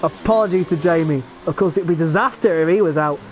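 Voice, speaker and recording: English man, high voice, excitable sim racing commentary, rambling, faint hiss behind. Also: fast talker. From England. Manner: excitable, chatty, rambling with self-corrections. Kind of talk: live esports race commentary.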